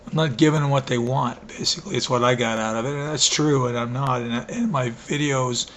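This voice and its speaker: A man with a hoarse voice rambling through a casual video diary, full of fillers, restarts and self-deprecating asides. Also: medium pitch, fairly even intonation, a little fast, fairly bright tone. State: hoarse, coughing. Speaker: vlogger. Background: wind blowing outside.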